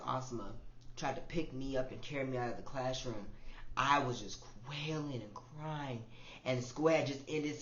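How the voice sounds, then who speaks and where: A man in his twenties hosting a podcast, talking through a reflective personal monologue in an emotional, repetitive way, often soft and then swelling louder. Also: mid-range voice. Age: 20s. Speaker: podcast host. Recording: roomy, dull lo-fi audio with faint ambience.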